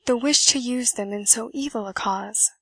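A woman voicing an earnest young gentleman who speaks solemnly and commandingly. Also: fairly high pitch, normal speed, slightly rough, no echo.

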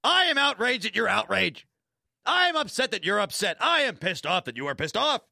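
A man's voice: high voice, big pitch swings, fairly quick, vocal fry, sharp tone, no room sound, studio quality. A man hosting a sports talk radio show, ranting and sarcastic, repeating lines for emphasis.

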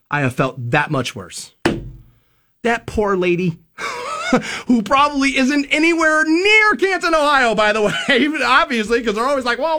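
A man's voice: high-pitched, pushed and bright. A man hosting a radio show, telling a personal story casually and acting out both sides of a phone call, with some swearing.

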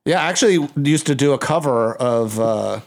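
A man co-hosting a podcast in casual chat, telling animated stories and acting out quotes. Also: medium pitch, moderate pace, vocal fry. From United States. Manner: animated storyteller, acts out quotes. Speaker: podcast co-host.

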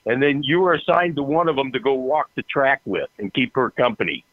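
Over a thin, dry phone connection, a man of medium pitch tells stories briskly as a guest. He laughs along the way and performs the other characters' voices, with no room sound in the background.

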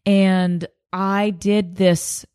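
A woman's voice: mid-range voice, very slow, clear, resonant tone, no echo, studio quality. A young woman from Texas, chatting casually and telling stories with lots of fillers and laughter. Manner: chatty, animated storyteller with many fillers and laughs. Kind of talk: casual chat.

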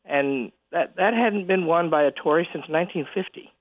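An older man, a college president, is an interview guest on a tinny phone line, his voice a little high and the recording dry. He chuckles often and speaks haltingly, restarting his sentences many times.

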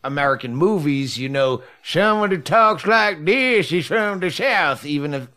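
A man's voice: on the high side, lively intonation, moderate pace, bright, forceful tone. A man hosting a podcast in casual chat at home, blunt and profane. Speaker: podcast host.

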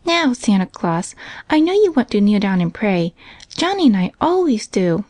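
A woman voicing a sweet, eager little girl in a storybook reading, with a high childlike tone. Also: sing-song, moderate pace, a little mellow, dry recording. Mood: earnest.

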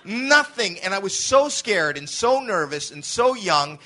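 A man in his late fifties, a comedian, telling animated stories in a casual podcast chat and acting out his own shouts, with swearing along the way. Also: high-pitched, measured pace. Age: 50s. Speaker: comedian guest.

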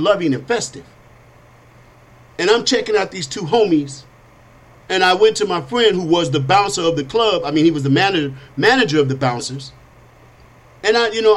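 A middle-aged man hosting a talk show, telling personal stories in an animated, streetwise way with casual slang. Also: sits high. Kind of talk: storytelling monologue.

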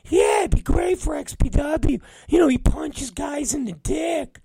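A man voicing an overeager, rambling male friend who talks in a high, shouting voice. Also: measured pace, creaky, no room sound, full character voice. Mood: eager. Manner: excited, rambling, naive.

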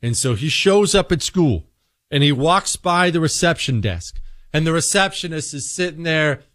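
A man hosting a political commentary monologue, telling an animated story and acting out characters. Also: fairly high pitch, normal speed, no echo, clean studio sound. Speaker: political talk show host.

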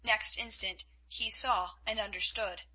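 A woman reading a novel aloud as an audiobook narrator, in measured, vivid storytelling. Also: mid-range voice, steady tone, sharp tone, husky, rough recording. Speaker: audiobook reader. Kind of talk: scripted narration.

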